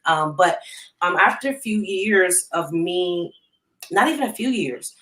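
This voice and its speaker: A woman in her thirties gives her testimony as a guest on a talk show. She has a lower voice and talks casually with many fillers. The room sounds echoey. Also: animated, unhurried, fairly bright tone. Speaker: guest, business owner. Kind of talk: personal testimony in conversation.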